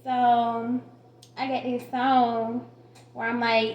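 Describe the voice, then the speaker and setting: A woman's voice: a little high, flat delivery, measured pace, darkish tone, highs cut off. A woman telling a personal story to camera in a casual, frank and profane way, laughing often. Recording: roomy echo.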